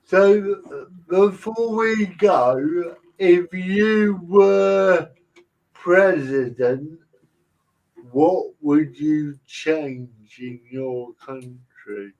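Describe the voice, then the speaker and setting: A man hosts a podcast chat, speaking very slowly and haltingly, with lots of fillers. His voice is fairly high and sounds distant from the mic. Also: darkish tone, lo-fi sound. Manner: slow, halting, many fillers. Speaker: podcast host. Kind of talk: casual podcast interview.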